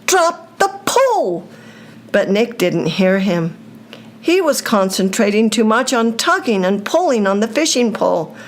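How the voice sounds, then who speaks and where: An older woman reading a children's story aloud, with a slow, deliberate storytelling delivery. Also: medium pitch, lively intonation.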